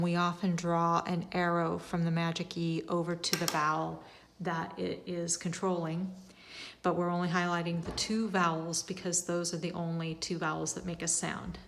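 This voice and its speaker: Patient woman teacher, slightly low voice. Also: completely flat delivery, gravelly, slight background noise. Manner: patient, slow, modeling each step aloud. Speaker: first grade teacher. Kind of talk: instructional tutorial for parents.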